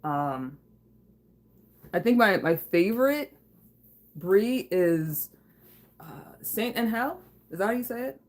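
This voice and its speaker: A woman's voice: fairly low pitch, lively intonation, takes it slowly, pauses often, darkish tone. A woman hosting a casual livestream from her home kitchen, reading viewer comments, chatting loosely with lots of fillers and swearing. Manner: casual and profane, laughing, chatty with frequent fillers. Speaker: livestream host.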